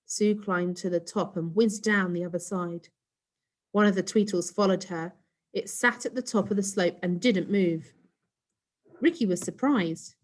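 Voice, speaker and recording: Lady reading a kids story out loud, expressive, asks the kids questions. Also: on the low side, unhurried. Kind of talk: storybook read-aloud for children.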